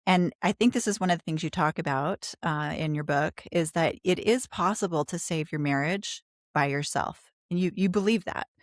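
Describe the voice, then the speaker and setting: A woman's voice: low voice, moderate pace, hardly any pauses, no echo, clean studio sound. A woman hosting a podcast interview, asking questions in an encouraging, interested way. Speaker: podcast host.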